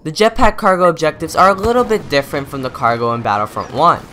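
Bright-voiced young man explaining game tips. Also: on the high side, fast talker, a little hiss or hum. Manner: methodical, instructive. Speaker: gaming YouTuber. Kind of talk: scripted gameplay tutorial voice-over.

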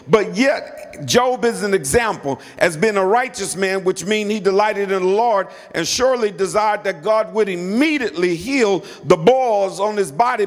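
A middle-aged pastor with a high, gravelly voice preaches in a church where his words fade into long hall reverb. Repeating phrases to drive points home, he pushes the congregation to answer back.

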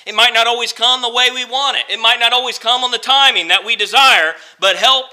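A male pastor preaching a sermon, earnest and repetitive for emphasis, slowing down for scripture and swinging between quiet, slow lines and louder, faster ones. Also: very high-pitched, steady tone, rough recording. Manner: earnest, repeats phrases for emphasis, slows down for scripture.

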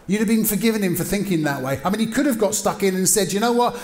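Middle-aged male pastor, high voice, lively storyteller, roomy hall sound. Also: normal speed. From England. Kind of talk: sermon. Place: large church hall.

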